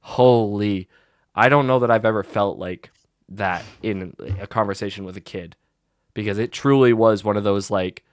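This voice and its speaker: A young adult man, a teacher and podcast co-host, telling a school story in blunt, animated casual chat with many likes and restarts. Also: fairly low pitch, moderate pace, no echo.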